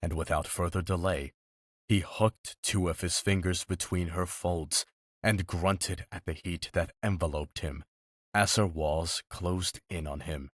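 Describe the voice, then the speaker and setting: A man with a very low, deep voice narrates a romance audiobook. His delivery is steady and measured, keeping an even storytelling pace through each passage. The sound is dry and close, with no room around it. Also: dry recording.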